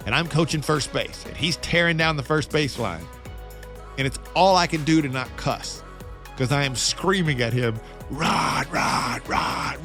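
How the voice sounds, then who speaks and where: A middle-aged man, a radio host, telling a personal story in a casual, animated monologue with self-mocking jokes. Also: medium pitch.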